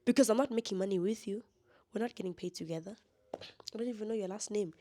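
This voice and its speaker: A woman's voice: medium pitch, quick pace, mellow. A young woman talking straight to camera in a candid vlog monologue, blunt and defiant, laughing often. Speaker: vlogger.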